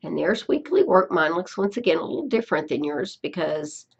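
A woman teacher talking students through an online workbook, patient and repetitive. Her voice is gravelly and a bit husky, and her pitch moves a lot. The recording sounds dull and lo-fi. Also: very animated, brisk. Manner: patient, repeats herself, checks in with "okay?". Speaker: Spanish teacher. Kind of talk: screencast tutorial.

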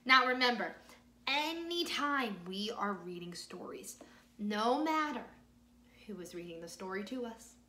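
Slow, bright-voiced woman music teacher. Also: a little high, lively intonation, roomy sound. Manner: slow, exaggerated, encouraging teacher voice with sudden loud and whispered parts. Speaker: music teacher reading a picture book to children. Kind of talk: children's storytime read-aloud and music lesson.

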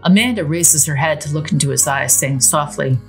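A woman with a low voice narrates a romance in a steady, intimate way. Quiet music plays faintly beneath her. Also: fairly quick. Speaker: storyteller. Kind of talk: romance narration over a life-sim game.

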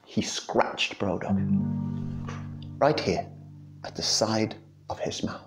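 Slow, animated male storyteller. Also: lowish voice. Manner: dramatic, whispering and swelling, talks to listeners. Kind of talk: folktale storytelling to music. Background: guitar music.

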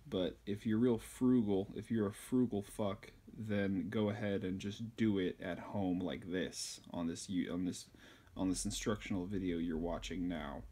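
A man's voice: sits low, steady tone, measured pace, mellow, breathy edge. A man giving a crude, insulting, rambling comedic tutorial on sewing a button. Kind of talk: profane comedic tutorial rant.

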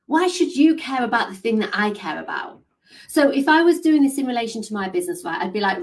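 A woman business coach gives an enthusiastic motivational talk, with a fairly high voice. She talks in an animated way and keeps dropping in "like" as she goes. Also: fairly quick. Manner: animated, enthusiastic, says "like" a lot.

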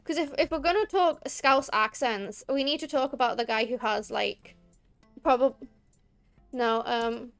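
A woman's voice: fairly high pitch, unhurried, creaky, a bit bright, smooth, faint music behind. A woman with a Liverpool accent, chatting in a rambling, emphatic way as she streams a game. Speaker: VTuber streamer. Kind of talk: casual gameplay chat.

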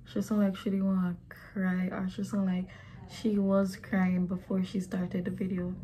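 A woman's voice: medium pitch, completely flat delivery, a little slow, dark tone, a little hiss or hum. A young woman chatting bluntly while doing her makeup, slipping into patois now and then. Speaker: beauty vlogger.

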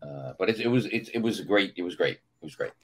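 A man's voice: sits low, a little fast, husky. A middle-aged man with a New York accent, a guest on a casual podcast, telling stories and acting out voices in them. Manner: animated storyteller, acts out voices in anecdotes. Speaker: guest actor. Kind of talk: casual podcast chat, storytelling.

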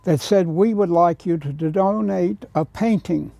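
This painter from the United States speaks in a high-pitched, warm voice with vocal fry, taking his time as he tells anecdotes. He acts out what others said and now and then drops to a whisper; there is no echo.

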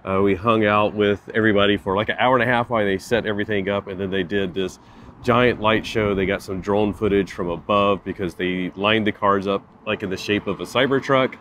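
A man's voice: fairly low pitch, steady tone, fairly quick, a bit bright, slight background noise. A man chatting casually in a vlog outdoors at a car event, easygoing and full of fillers. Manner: easygoing, uses lots of fillers like "like" and "uh". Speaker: vlogger.

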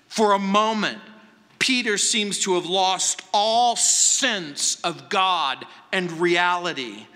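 A man preaching a verse-by-verse sermon as pastor in a large church, speaking deliberately with dramatic pauses and emphatic repetition. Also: sits high, sharp tone. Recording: long reverb from a large hall.

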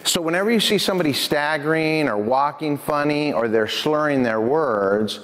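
A man giving a lively prevention talk to a youth audience, telling stories and speaking to the crowd directly. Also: on the high side, normal speed. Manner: energetic, addresses audience directly. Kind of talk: lively presentation with storytelling. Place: church hall. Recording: echoey hall.

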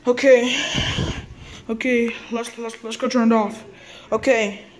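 Halting, slow-talking woman in toy play. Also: a little high, flat delivery. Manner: halting, repeats words and restarts often. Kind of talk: toy role-play as a teacher.

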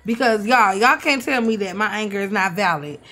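A young woman, giving animated, swearing, mock-outraged commentary as she plays a life-sim game. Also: medium pitch, fairly quick. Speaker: gaming streamer. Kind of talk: casual gameplay commentary.

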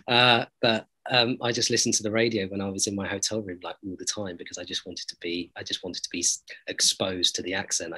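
Earnest, hesitant man with a lowish voice. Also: a bit bright, low-quality recording. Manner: earnest, hesitant, many fillers and restarts. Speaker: actor interviewed about a series. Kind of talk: reflective interview answers.

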